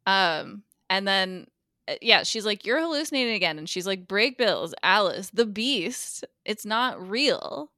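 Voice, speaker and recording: Bright animated woman recapping a show. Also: mid-range voice, dry recording, studio quality. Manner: animated storyteller, acts out lines with quick voice shifts. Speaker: guest co-host recapping a TV episode. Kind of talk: casual podcast chat.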